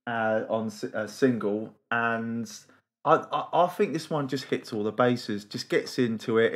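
A man co-hosting a casual podcast, enthusiastic and rambling, often repeating words. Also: medium pitch. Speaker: podcast co-host.

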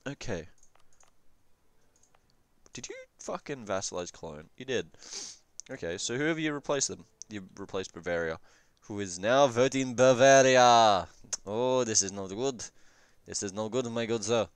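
A man's voice: fairly low pitch, clean tone, no echo. A young man giving casual, rambling game review commentary, swearing often and offhand. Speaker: gaming commentator.

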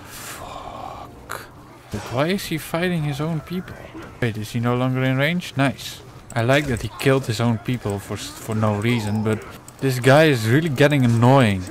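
A man's voice: medium pitch, normal speed, a little hiss or hum. A man commentating his own gameplay, exasperated and swearing constantly while muttering to himself. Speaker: let's play gamer.

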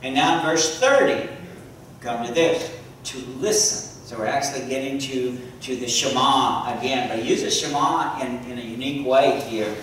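A man preaching a sermon to a congregation, often pausing to ask the listeners questions and repeating key words. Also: medium pitch, fairly bright tone, slight background noise. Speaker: preacher and teacher. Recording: echoey hall from far off.

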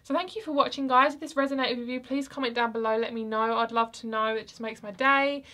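A woman's voice: a little high, fairly even intonation, quick pace. A young woman giving a casual tarot reading to her viewers, chatty and rambling with lots of fillers. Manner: chatty, rambling, soft-spoken with frequent fillers. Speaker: tarot card reader.

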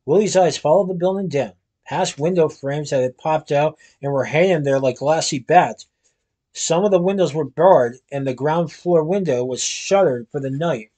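A man's voice: a little high, normal speed, mellow. A man reading a storybook aloud expressively, stumbling over words now and then. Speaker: reader. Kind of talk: storybook read-aloud narration.

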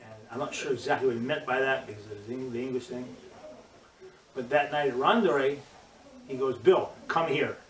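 An older man, a judo instructor, telling animated stories in an interview and acting out the voices of the people in them. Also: medium pitch, a little fast, pauses often. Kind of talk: storytelling interview. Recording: roomy, distant mic, crowd murmur.

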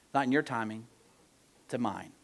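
A male pastor preaching a conversational sermon in church, moving between soft, slow emphasis and animated outbursts. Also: mid-range voice, creaky. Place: church sanctuary.

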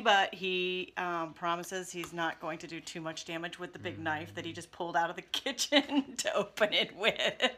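A woman chatting through a live unboxing, gushing and excitable, with gasps and squeals of delight. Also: fairly low pitch, moderate pace, few pauses, slight background noise. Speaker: crafting channel host.

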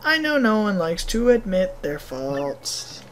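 Gruff, blunt bomb villagers from a cartoonish game, speaking in a clipped and deliberately clumsy mock Russian accent, as a woman puts them on. The delivery is theatrical and terse, sitting a touch low. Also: steady tone, faint music behind.

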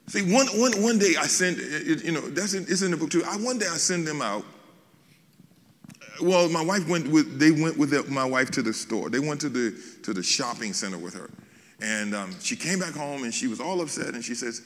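A man, a bishop, preaching a sermon as an animated storyteller, with folksy asides and frequent restarts. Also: fairly high pitch, brisk, in a large hall.

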